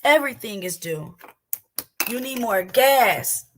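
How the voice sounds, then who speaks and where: A woman's voice: on the high side, expressive, slow, a little hiss or hum. A woman hosting a faith livestream, preaching casually and emphatically, repeating phrases and asking rhetorical questions.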